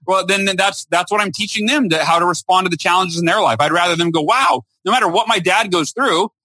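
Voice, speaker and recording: A man's voice: sits high, fast talker, no echo. A man in an interview, telling a personal story with emphatic delivery, acting out quoted lines. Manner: emphatic, acts out quotes with lively shifts. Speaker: guest speaker and author.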